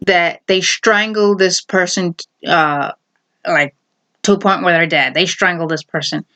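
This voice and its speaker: A woman casually retelling a half-remembered TV episode, rambling with many fillers and quick acted quotes. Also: medium pitch, a bit bright. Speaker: video host.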